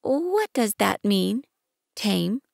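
A woman voicing a gentle, curious young boy prince in an audiobook, asking questions in a soft, wondering way. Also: medium pitch, very animated, very slow, creaky, no room sound, clean studio sound, voice pushed up, full character voice. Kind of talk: audiobook reading.

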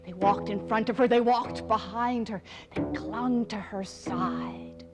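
A woman's voice: medium pitch, takes it slowly, over music. A woman storyteller performing an ancient epic in a rhythmic, incantatory way, sometimes dropping to a whisper.

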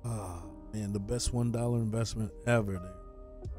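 A man chatting casually on a gaming live stream, excitable, swearing and calling everyone "dude". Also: on the low side, measured pace, music in the background.

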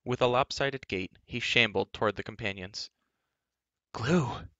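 A man reading a children's book aloud in a gentle, measured storytelling manner. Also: lowish voice, no room sound, highs cut off.

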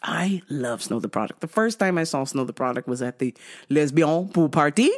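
A woman's voice: sits low, moderate pace. A woman hosting her own show, telling a casual story with lots of swearing and laughter. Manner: animated, profane, laughs often. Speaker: podcast host.

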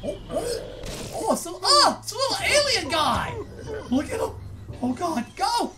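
A woman giving excited, chatty commentary while playing a video game, often exclaiming and laughing. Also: very high-pitched, unhurried, noisy background. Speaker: gaming let's-player.

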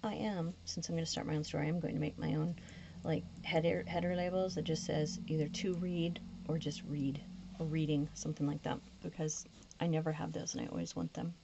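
A woman's voice: low voice, steady tone, fairly quick, creaky. A woman chatting casually while decorating a planner, often slipping into a whisper, her voice getting a little tired. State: voice starting to go. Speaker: planner vlogger. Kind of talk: casual plan-with-me chat. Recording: dull lo-fi recording with faint noise.

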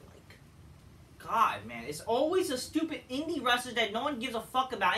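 A man's voice: very high voice, big pitch swings, normal speed, bright, forceful tone. A man reviewing a wrestling show in a profane, exasperated, sarcastic rant. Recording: echoey room, distant mic.

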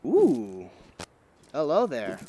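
A man playing a VR game at home, giving casual, excitable commentary through a headset microphone. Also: medium pitch, very slow. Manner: excitable, exclaiming, joking. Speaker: gaming video creator.

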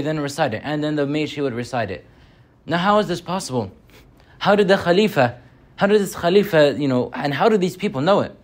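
Young man telling a sermon story. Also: sits high. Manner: animated storytelling, slows down on key points. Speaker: Friday sermon speaker.

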